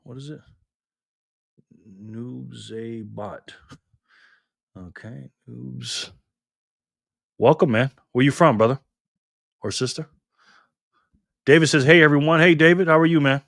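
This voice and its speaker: A man's voice: medium pitch, moderate pace, gravelly, pauses often, no echo, clean studio sound. A man hosting a casual live stream, greeting chat viewers by name in a friendly, upbeat way from home. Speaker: livestream host. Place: home room in Las Vegas.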